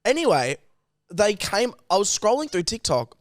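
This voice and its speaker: A man's voice: sits high, very animated, moderate pace, no room sound. An Australian man co-hosting a podcast in a studio, teasing his co-host in playful casual chat.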